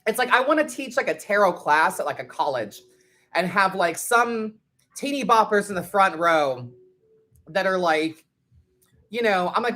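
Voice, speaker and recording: A woman with a mid-range, fairly bright voice runs a live tarot stream at a moderate, animated pace. She's blunt and sweary, talking straight to her viewers in a relaxed way.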